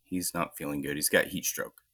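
Deep-voiced laid-back American host. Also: male voice, steady tone, normal speed, a bit bright, no room sound, clean studio sound. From United States. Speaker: podcast host. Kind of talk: casual podcast chat.

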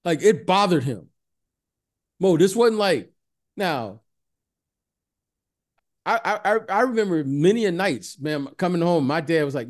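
A man in casual sports chat, telling stories with a lively voice and acting out friendly greetings. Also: a little high, unhurried, pauses often. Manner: animated storyteller, repeats the host's name, acts out friendly greetings.

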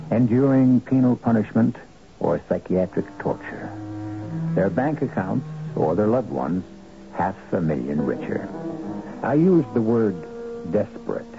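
A man's voice: on the low side, gravelly, noisy background, heavily acted. A man narrating a 1970s radio mystery drama in a grave, dramatic storytelling manner, on a dull lo-fi broadcast recording.

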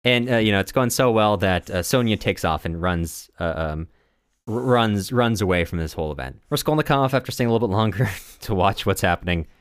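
A man with a very low, deep voice, recapping a book in loose, casual chat. He stumbles and restarts often and laughs as he goes. The sound is close and dry. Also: animated, clear, resonant tone, dry recording. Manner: rambling, halting with many restarts and fillers, laughs often. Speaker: podcast co-host.

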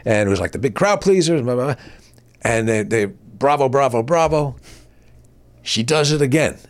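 A man in his sixties hosting a podcast, telling stories in a casual, animated way and acting out quotes. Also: moderate pace. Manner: animated, acts out quotes with big pitch jumps. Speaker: podcast host. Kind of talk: casual storytelling chat.

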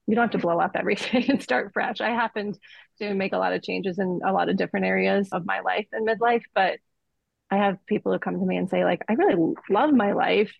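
A woman's voice: mid-range voice, gravelly, breathy edge, no room sound. A woman in her forties, a midlife coach, speaking as a guest in earnest, reflective conversation with frequent filler words, on a slightly muffled recording. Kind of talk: conversational interview.

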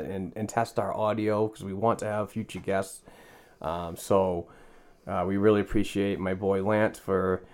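Halting low-voiced New podcast host. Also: male voice, a little mellow. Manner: halting, repeats words, many fillers. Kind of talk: casual chat. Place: small home podcast studio.

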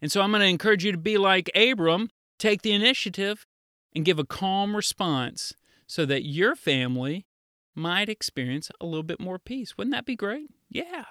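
A middle-aged man, a children's pastor, giving a lively storytelling devotional to kids and acting out the voices of children he quotes. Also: high-pitched, moderate pace, clear, resonant tone, no echo, studio quality. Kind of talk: kids' devotional talk.

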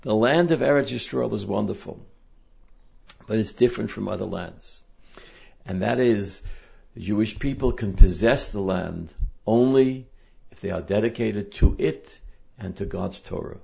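A man's voice: on the low side, unhurried, vocal fry, warm tone, slightly rough. A man teaching a Torah portion lesson in an earnest, emphatic way, reading Hebrew verses and translating them. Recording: dull lo-fi recording.

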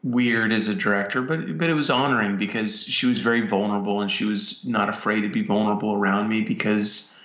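A man, a filmmaker, reflecting in a personal way, talking haltingly with frequent pauses and restarts. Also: on the low side, steady tone, fairly bright tone. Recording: roomy, dull lo-fi sound.

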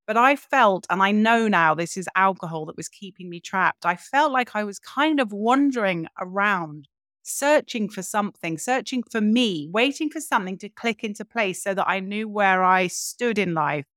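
A woman's voice: mid-range voice, lively intonation, moderate pace, a bit bright, dry recording, studio quality. A woman, a podcast guest telling her own story in a frank, reflective way. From London, England. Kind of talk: candid personal storytelling.

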